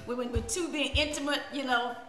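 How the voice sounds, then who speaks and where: A woman's voice: high-pitched, fairly even intonation, fairly quick, fairly bright tone. A woman minister hosting a casual live stream, laughing often, repeating her words and dropping preachy asides. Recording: echoey room with music behind.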